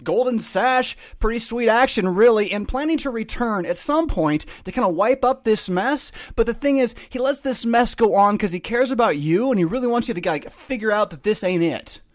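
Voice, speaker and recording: A man's voice: high voice, expressive, normal speed, few pauses, no room sound. A man hosting a show, preaching in a rambling, emphatic way with sarcastic asides and repeated words. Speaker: host. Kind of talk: casual preaching monologue.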